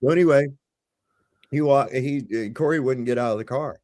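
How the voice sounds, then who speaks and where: A man's voice: mid-range voice, fairly quick, a little mellow. A middle-aged man telling a rambling, profanity-laced story as a guest on a livestream panel, over a remote call.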